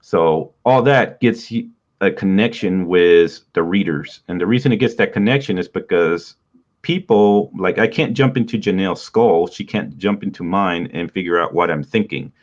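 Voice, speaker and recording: A man with a low, deep voice teaches in a loose, casual way, chuckling now and then. His nose is stuffy, and the recording sounds dull and lo-fi. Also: moderate pace. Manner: relaxed, rambling, laughs often. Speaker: writing podcast host.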